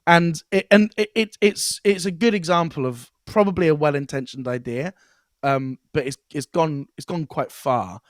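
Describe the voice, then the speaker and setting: A man in casual podcast chat, telling comedy stories in an animated way and laughing through his punchlines. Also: on the high side, normal speed, no echo, clean studio sound.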